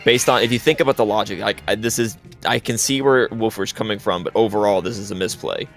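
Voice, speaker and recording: Lowish-voiced guy explaining strats, kinda opinionated, faint music behind. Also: fairly even intonation, fast. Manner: explanatory, opinionated, frequent restarts. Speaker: commentator. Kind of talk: live speedrun commentary.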